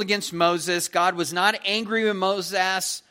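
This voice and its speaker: A man's voice: sits high, unhurried, bright, forceful tone, clean tone. A man preaching an expository sermon in a conversational, emphatic way, often checking in with his listeners. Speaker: pastor.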